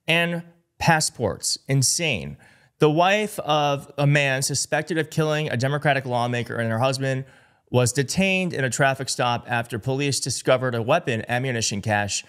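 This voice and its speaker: A man's voice: medium pitch, a bit bright. A man giving online political commentary, indignant and emphatic, reading out reports and quotes.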